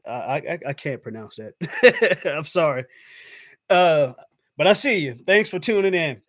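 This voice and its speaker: A man's voice: fairly high pitch, big pitch swings, measured pace, fairly bright tone, dry recording, studio quality. A man from the United States chatting casually on his channel's stream, loose and talkative, peppering his talk with "man" and acting out his own past thoughts. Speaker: YouTube channel host. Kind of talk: casual live-stream chat.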